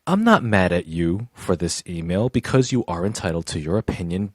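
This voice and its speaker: Animated, emphatic male podcast host. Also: low voice, no room sound, clean studio sound. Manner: emphatic, drawn-out words addressing a listener's email. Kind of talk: casual podcast review chat.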